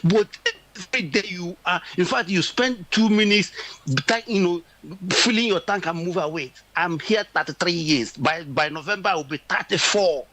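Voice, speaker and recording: A man from Nigeria calls in and speaks with mounting emphasis, circling back over his words and restarting sentences as he builds his case. His voice sits on the higher side. The sound is close and dry, with no room around it. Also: normal speed, pushed and bright, dry recording, rough recording. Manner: emphatic, repetitive, restarts often. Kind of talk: impassioned political commentary.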